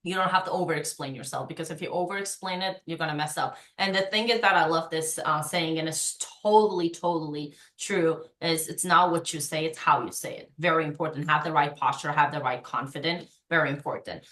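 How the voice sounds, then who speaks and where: Lively woman coaching on a video call. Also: sits low, fairly quick, hardly any pauses, roomy sound. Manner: energetic, coaching, acts out past conversations. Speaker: insurance sales trainer. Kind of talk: training call.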